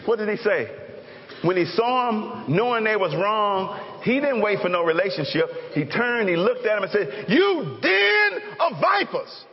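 A pastor preaching a lively, joking sermon and calling out to the congregation. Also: male voice, sits high, moderate pace. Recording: echoey hall, dull lo-fi sound.

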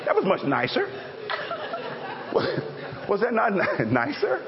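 A male pastor preaches in a high voice that swoops all over. He jokes and calls out to his congregation. The recording is dull and lo-fi, with a long hall echo. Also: slow, crowd noise. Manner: lively, joking, calls out to the congregation. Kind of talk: sermon. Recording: echoey hall, dull lo-fi sound.

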